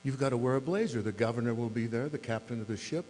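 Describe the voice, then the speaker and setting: Man doing a small, breezy British bloke, chummy slang, a touch higher than his own voice, in a reverberant hall. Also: fast, darkish tone, natural voice. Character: small cheerful British man recruiting for rugby. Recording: long hall reverb, faint mains hum.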